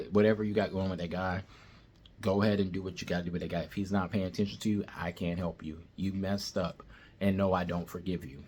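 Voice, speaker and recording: A man with a very low, deep voice recounting a personal story in a relaxed monologue. He talks bluntly and plainly, with casual, everyday phrasing. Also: fairly quick, husky.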